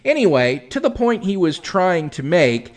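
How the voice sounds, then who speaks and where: A man's voice: high voice, big pitch swings, moderate pace. A man hosting a commentary video, responding to a clip in a sarcastic, exasperated, lecturing way.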